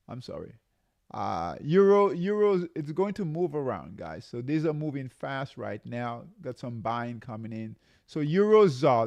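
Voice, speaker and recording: A man's voice: on the high side, a little mellow, no room sound. A man hosting a live market update, calling buy and sell signals and repeating his warnings, with many fillers and restarts. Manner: repeats himself, drawn-out warnings, calls out signals. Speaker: trading show host.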